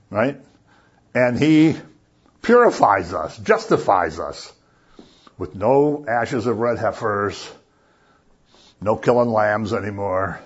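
A man's voice: mid-range voice, husky, highs cut off. A man giving a casual, conversational sermon and often checking in with his listeners. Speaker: preacher.

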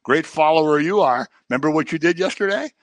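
A man's voice: on the high side, fast talker, no room sound, natural voice. A man voicing a taunting male accuser spirit that mocks people with sneering questions. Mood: mocking.

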